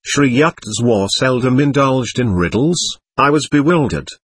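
Husky guy reading a book aloud, steady and earnest, dry close mic. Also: mid-range voice, moderate pace, no echo. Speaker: audiobook narrator. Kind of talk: scripted narration.

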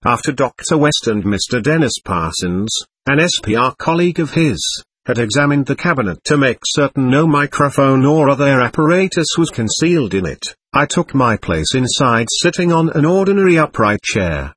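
A man reading a first-person account aloud as narrator, steady and matter-of-fact. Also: medium pitch, normal speed, husky, no room sound.

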